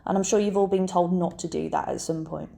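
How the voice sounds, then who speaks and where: A woman teacher narrating a scripted lesson in a clear, measured, explanatory way. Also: fairly low pitch, fairly even intonation, dark tone.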